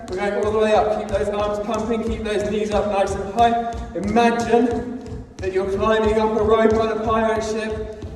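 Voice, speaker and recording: A man's voice: high voice, a little mellow. A young man, a teacher, leading a children's fitness class, encouraging them and counting out the reps, a little out of breath. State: slightly out of breath. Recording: echoey hall from far off, faint noise.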